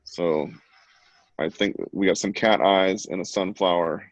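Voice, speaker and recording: A man's voice: deep voice, steady tone, measured pace, dry recording, muffled recording. A man hosting an online art class over a video call, giving playful, joking running commentary. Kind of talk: casual live-stream teaching.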